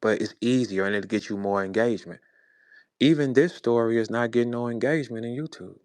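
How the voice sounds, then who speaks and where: Smooth and darkish in tone, his medium-pitched voice moves a little fast, with no echo in the recording. The speaker is a forties-aged battle rap host from St. Louis, USA, tearing into someone in a profane, scornful rant on his own show.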